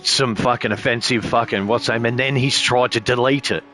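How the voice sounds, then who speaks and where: Man, sim racing streamer, casual rambling chat, lots of swearing, forceful bright tone. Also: medium pitch, fairly even intonation, moderate pace. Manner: rambling, heavy swearing, frequent filler phrases.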